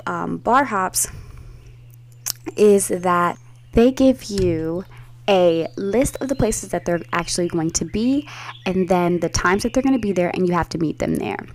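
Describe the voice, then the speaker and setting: A woman telling a long story in a casual chatty way, acting out the quoted voices with big jumps in pitch and swearing freely. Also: expressive, measured pace, slight background noise. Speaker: storyteller recounting a trip.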